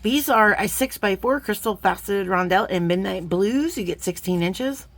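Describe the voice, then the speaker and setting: A woman, chatting warmly to viewers as she gushes over beads in a casual unboxing vlog. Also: mid-range voice, moderate pace, no room sound. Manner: chatty and gushing, talks to viewers as friends; sometimes drops to a playful whisper. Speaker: jewelry-making vlogger.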